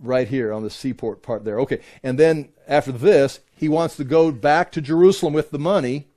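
A man teaching a Bible class in an explanatory way, often pausing with "uh" and restarting his sentences. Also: mid-range voice, mellow.

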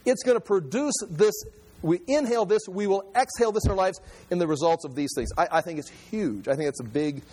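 A man preaching a Bible teaching sermon in an animated, emphatic way, often repeating his phrases. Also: sits high. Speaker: pastor. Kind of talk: expository sermon.

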